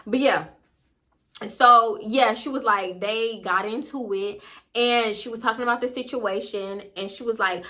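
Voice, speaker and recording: Young woman telling a storytime, blunt and cussing a lot, bright high-ish voice. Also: unhurried. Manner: blunt, profane, animated. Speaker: vlogger. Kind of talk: storytime chat.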